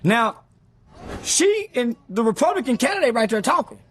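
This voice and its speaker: In a sit-down interview, a middle-aged guest recounts a story with a very high, sing-song voice and a fairly bright tone, over slight background noise. His delivery is rapid, blunt and full of profanity, with other people's lines acted out.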